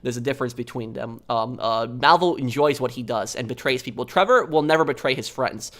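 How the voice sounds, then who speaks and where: A young man talks through a casual live stream in a plain, middle-pitched voice. He rambles, restarts his sentences and fills every gap with ums and uhs as he answers viewers. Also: brisk, fairly bright tone. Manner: rambling, many ums and uhs, repeats himself.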